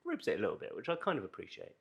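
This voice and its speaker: A man's voice: on the low side, wildly swooping pitch, very fast, gravelly, a bit bright, highs cut off. A man co-hosting a movie review podcast, joking in casual chat. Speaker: podcast co-host.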